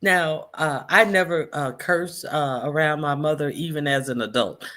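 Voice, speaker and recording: A woman's voice: low-pitched, moderate pace, fairly bright tone. A woman hosting a casual chat, telling stories with frequent laughter and cheerful profanity. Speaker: host.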